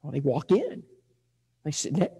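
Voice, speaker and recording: A male preacher telling stories in a sermon, animated, moving between loud and hushed. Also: a little high, moderate pace, gravelly, slightly rough. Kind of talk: storytelling sermon. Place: church hall. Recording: echoey hall.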